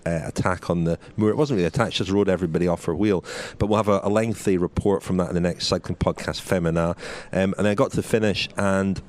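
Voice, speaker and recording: Deep-voiced easygoing male co-host. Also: darkish tone. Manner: easygoing, tags questions to co-hosts. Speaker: podcast co-host. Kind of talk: casual chat, race report.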